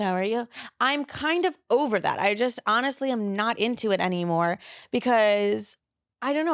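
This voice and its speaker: A woman's voice: medium pitch, no echo. Young woman podcaster, blunt and sweary, chatty, dry close mic. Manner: blunt, frequent swearing, playful. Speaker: podcast host. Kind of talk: casual chat.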